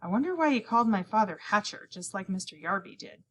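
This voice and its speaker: Speaking quickly in an animated, medium-pitched voice, a female audiobook narrator reads a children's novel aloud. She narrates the scripted story as a young boy in the first person and acts out the dialogue of every other character.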